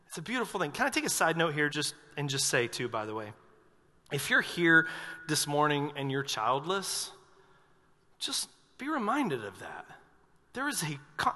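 A male pastor delivering a sermon with humor and animated storytelling. His voice is high and bright, and it rings with a long reverb through a large church sanctuary. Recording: reverberant hall.

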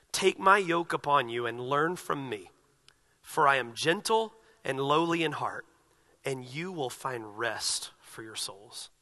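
High, bright-voiced preaching man. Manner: dynamic preaching, swings from soft and slow to loud and emphatic. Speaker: pastor. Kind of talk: sermon.

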